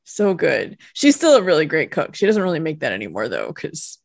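Laughing woman with a lively voice. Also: deep voice, fairly quick, vocal fry, no echo, studio quality. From United States. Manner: laughs easily, friendly and agreeable. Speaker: podcast co-host. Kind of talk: casual chat recapping a TV episode.

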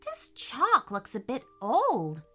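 A woman voicing an excited, eager little girl in a children's storybook, with squealing, breathless delight. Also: fairly high pitch, slow, soft background music, exaggerated voice.

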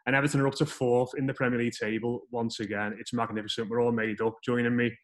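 A man's voice: mid-range voice, level tone, fast. A man hosting a casual football podcast over a call, upbeat, with a few restarts. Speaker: podcast host.

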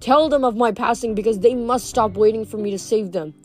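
A woman voicing an ancient, fading male nature god, speaking softly and sorrowfully. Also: a little high, natural voice. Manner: soft, slow, sorrowful delivery.

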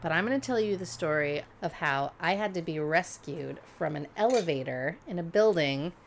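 A woman's voice: low voice, lively intonation, normal speed, gravelly. Woman, casual podcast chat, laughs while talking, slight noise. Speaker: podcast co-host.

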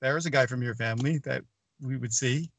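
A middle-aged man telling stories as a podcast guest, animated and blunt, acting out dialogue and swearing freely. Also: mid-range voice, a little fast, creaky, crowd noise. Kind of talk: casual storytelling.

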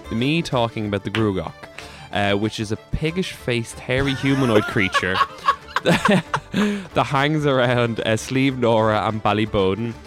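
A man with an Irish accent co-hosting a comic podcast, relaxed and explanatory. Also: mid-range voice, a little slow, over loud music. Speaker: podcast co-host. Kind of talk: casual comic banter.

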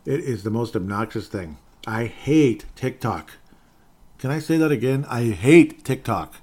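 A man's voice: fairly low pitch, darkish tone, breathy edge. A man hosting a solo sports podcast, reading listener messages and launching into sarcastic rants, often repeating his own phrases. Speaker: podcast host.

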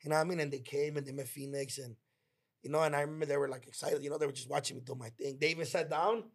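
A man with a gravelly, husky voice that sits a little high for a man. He tells a story in slangy, heartfelt talk and jumps into quick quoted bits to act out what his friends said. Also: fairly even intonation. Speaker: podcast co-host. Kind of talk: casual storytelling chat.

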